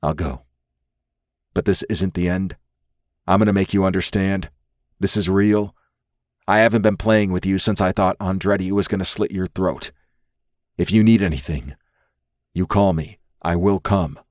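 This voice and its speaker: Guy doing a low soft-voiced agent begging his lover to believe him, dry close sound. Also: steady tone, normal speed, long pauses, no echo, close to an everyday voice. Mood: earnest. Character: earnest pleading male lover, secret federal agent.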